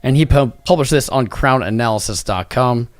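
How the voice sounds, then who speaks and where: A man's voice: medium pitch, moderate pace, no echo. A tired man hosting a livestream, chatting casually in a rambling, jokey way. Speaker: crypto livestream host.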